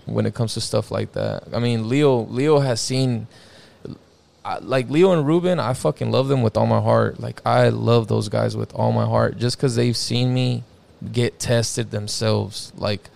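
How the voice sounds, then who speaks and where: A man's voice: mid-range voice, unhurried, gravelly, darkish tone. A young man casually telling a personal story as a guest, slangy and profane, filling his talk with "bro" and "like".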